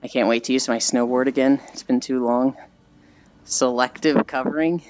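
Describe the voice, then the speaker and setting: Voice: medium pitch, fairly even intonation, moderate pace, darkish tone, lo-fi sound. Tired, sighing streamer chatting mid-walk. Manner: chatty storyteller with frequent tired sighs. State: tired and sweaty from walking. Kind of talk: casual rambling chat while walking on stream.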